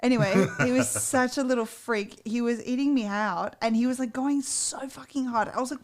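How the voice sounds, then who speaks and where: Profane, animated woman co-host in casual chat, pitched somewhat high. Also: normal speed, few pauses. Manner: blunt, profane, animated storyteller. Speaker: co-host of a dating advice show.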